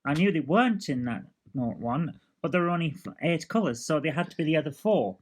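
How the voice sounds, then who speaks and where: A woman's voice: low-pitched, animated, fairly quick. A woman hosting a casual vlog chat, dry and teasing as she explains her moves. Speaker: vlog host. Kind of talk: casual chat over a board game.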